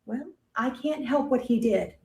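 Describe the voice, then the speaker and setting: A woman playing a wife who keeps calmly defending herself, insistent and soft-spoken. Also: a little high, measured pace, creaky. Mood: defensive. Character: defensive wife blamed for her father. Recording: echoey room with faint noise.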